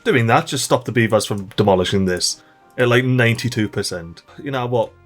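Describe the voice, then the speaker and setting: A young man commentating a strategy game, animated and frantic, often shouting at his in-game workers. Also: medium pitch, fairly quick, faint music behind. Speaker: gameplay commentator. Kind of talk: let's play commentary.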